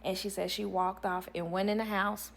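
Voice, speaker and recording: A woman's voice: medium pitch, flat delivery, normal speed, gravelly, a little hiss or hum. A young adult woman retelling a story casually, animatedly voicing the people she quotes. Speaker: storytelling host of an advice channel.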